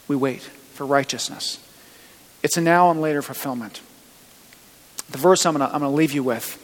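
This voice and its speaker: A male pastor delivers a casual, conversational sermon, often putting rhetorical questions to his listeners. His voice sits a little high. A long reverb from a large hall trails behind his words. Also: a bit bright. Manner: conversational preaching with rhetorical questions and military anecdotes.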